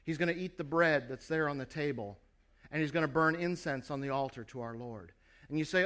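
A man's voice: fairly high pitch, normal speed, fairly bright tone. A man preaching a sermon, earnestly telling a story and speaking straight to his listeners.

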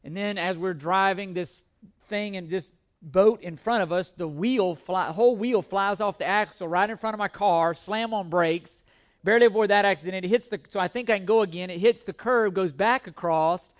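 A middle-aged male pastor preaching a sermon, telling a self-deprecating personal story with animated, humorous delivery before turning to scripture. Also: high voice, normal speed.

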